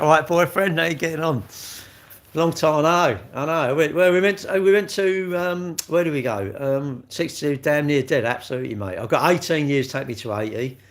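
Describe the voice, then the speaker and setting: A man, chatting bluntly with viewers on a livestream, swearing freely and calling everyone mate. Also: mid-range voice. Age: 60s. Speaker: livestream host. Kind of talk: casual chat reading live comments.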